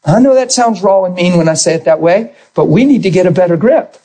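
A man preaching a sermon as pastor, animated, moving between soft asides and high, straining peaks. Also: a little fast, low-quality recording.

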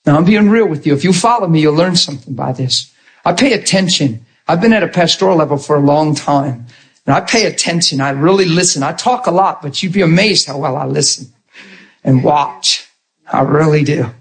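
A man with a high voice delivers a lively sermon as a pastor. He is animated and theatrical, slipping into quick impressions to make his point. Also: poor audio. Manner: animated, acts out quoted voices.

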